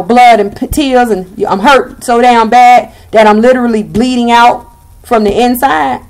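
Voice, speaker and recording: A woman's voice: on the high side, a little mellow. A young woman with a Southern US accent giving a blunt, sassy tarot reading and swearing freely. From Southern United States. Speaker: tarot reader.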